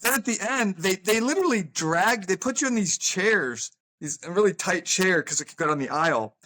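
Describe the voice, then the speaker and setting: A man who works as a physician speaks as a guest on a casual podcast. His voice sits a little high. He sounds earnest and reflective, and explains things at length. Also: lively intonation, normal speed, sharp tone. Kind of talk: casual chat.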